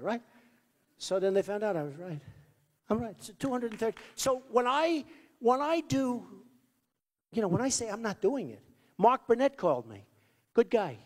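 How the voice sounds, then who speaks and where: A man's voice: extremely high pitch, sing-song, normal speed, pauses often, darkish tone. A man giving an off-the-cuff campaign rally speech, rambling, repetitive and boastful. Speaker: political candidate. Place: large rally venue. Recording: long reverb of a big hall.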